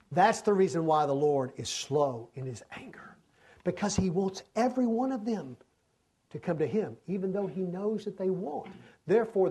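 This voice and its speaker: Man, preacher, slow, high-pitched, emphatic repetition. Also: a little mellow, slightly rough. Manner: emphatic, repeats lines for effect. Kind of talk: sermon.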